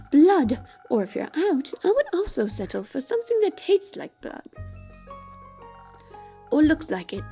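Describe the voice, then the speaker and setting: A woman's voice: high voice, sing-song, measured pace, pauses often, warm tone, soft background music, voice pushed up, exaggerated voice. A woman voicing a pompous, theatrical vampire man with a dramatic, airy delivery while playing a video game.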